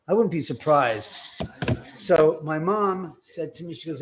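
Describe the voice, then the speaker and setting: Man, slightly high voice, live-stream host, casual storytelling, swears now and then, acts out quoted voices. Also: measured pace. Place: his own house.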